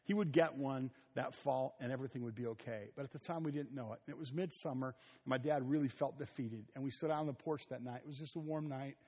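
A middle-aged man preaching a sermon, telling stories with asides and soft chuckles. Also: mid-range voice, quick pace, breathy edge. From Ohio. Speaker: pastor. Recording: long reverb of a large hall.

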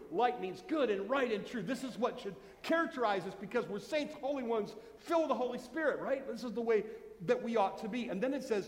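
In a church sanctuary, a male pastor delivers a sermon in a high, expressive voice at a brisk clip. His style is conversational, with joking asides and questions aimed at the congregation, and the recording carries the long reverb of a church hall.

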